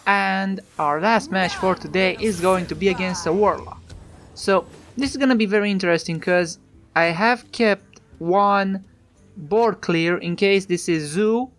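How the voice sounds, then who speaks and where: A speaker with an Italian accent giving casual commentary on a card game match. They chat along and put rhetorical questions to the opponent. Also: mid-range voice. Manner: chatty, talks back to the opponent with rhetorical questions.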